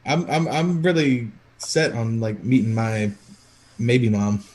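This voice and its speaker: A man's voice: medium pitch, lively intonation, slow, a little mellow. A man playing a tabletop game, rambling with giggles. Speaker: player. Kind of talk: casual tabletop play.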